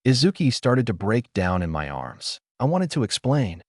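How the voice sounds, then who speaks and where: A man reading a fan story aloud in an expressive first-person narration. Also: medium pitch, normal speed, few pauses, dry recording, clean studio sound. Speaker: story reader.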